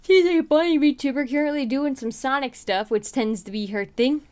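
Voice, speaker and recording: A woman's voice: high-pitched, moderate pace, a little mellow. A young woman streaming a game, chatting casually and bubbly while tired and hiccuping, sometimes mumbling to herself. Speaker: livestreamer. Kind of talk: casual live stream chat.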